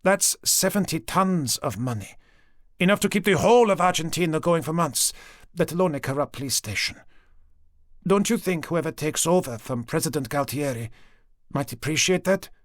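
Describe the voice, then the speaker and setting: A male narrator voicing a sharp, persistent young woman police sergeant in an audiobook. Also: on the high side, lively intonation, no room sound, clean studio sound, voice pushed up, close to an everyday voice. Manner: quick, probing, persistent. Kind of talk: audiobook character voice. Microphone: close studio mic.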